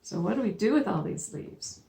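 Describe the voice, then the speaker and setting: A woman librarian leading a children's storytime, speaking in a gentle, patient, sing-song way. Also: medium pitch, lively intonation, moderate pace, creaky, noisy background.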